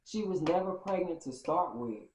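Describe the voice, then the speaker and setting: A woman's voice: on the low side, expressive, normal speed, darkish tone, slight background noise, natural voice. A woman doing an earnest, placating teenage boy. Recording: roomy, dull lo-fi sound.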